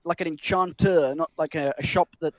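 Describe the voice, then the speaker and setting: A man's voice: a little high, steady tone, normal speed, dry recording, highs cut off. A man playing a tabletop game online, joking and hesitant, speaking into a home mic on a video call. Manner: jokey, hesitant. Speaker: player. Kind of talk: casual game chat.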